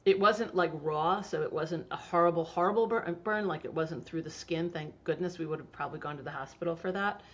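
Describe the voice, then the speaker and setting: A woman's voice: on the low side, a little fast, hardly any pauses. A middle-aged woman, a homeopathy practitioner, talking casually in an interview with chatty storytelling and frequent fillers. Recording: dull lo-fi sound.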